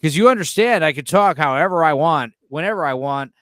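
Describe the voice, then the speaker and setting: A man hosting a casual late-night chat with friends, rambling and animated with lots of restarts. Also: fairly high pitch, a little fast, dry recording, studio quality. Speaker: podcast host.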